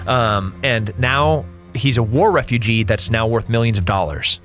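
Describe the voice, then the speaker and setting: A man who is a guest on a podcast, explaining things in an animated storytelling way. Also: medium pitch, a little slow. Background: music.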